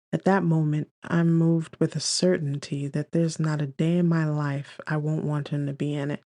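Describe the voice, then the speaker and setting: A woman's voice: low voice, mellow, dry recording, studio quality. Woman narrating a romance audiobook. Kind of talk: scripted first-person romance narration.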